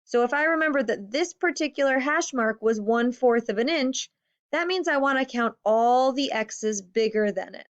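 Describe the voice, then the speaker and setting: A woman teaching a recorded math lesson to fifth graders, patient, stressing key words and counting slowly. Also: on the high side, lively intonation. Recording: slightly dull lo-fi audio.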